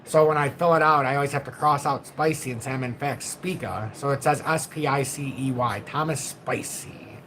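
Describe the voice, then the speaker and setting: Calm low-voiced middle-aged man. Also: fairly quick, hardly any pauses, a little hiss or hum, rough recording. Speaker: livestream host. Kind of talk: casual live chat reading comments. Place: home.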